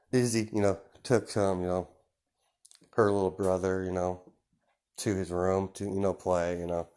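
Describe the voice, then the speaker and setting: Brief: low-voiced man telling an improvised fan tale, loose and meandering. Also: darkish tone. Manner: rambling, lots of fillers. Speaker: fan story narrator. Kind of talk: improvised storytelling.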